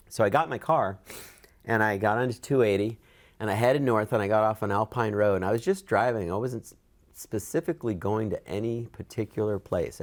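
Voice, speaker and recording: A middle-aged man with a fairly low voice tells a workplace story in an oral history interview. He talks with lively ups and downs and acts out the dialogue in a raised voice. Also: creaky. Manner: animated, acts out quoted dialogue with raised pitch. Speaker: interviewee, events program manager.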